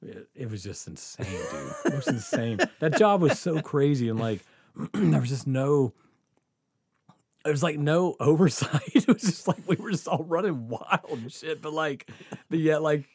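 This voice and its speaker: A man's voice: a little high, lively intonation, unhurried, a little mellow, breathy edge, no room sound, clean studio sound. A man telling a story in a casual podcast chat, profane, often laughing and saying "dude".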